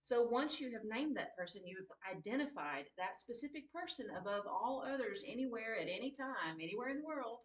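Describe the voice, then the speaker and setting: A woman's voice: a little high, animated, brisk, few pauses. Woman teaching grammar in an echoey room. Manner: patient, repeats key points, asks checking questions. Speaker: writing teacher. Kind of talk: classroom grammar lesson. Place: classroom. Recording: roomy echo, distant mic.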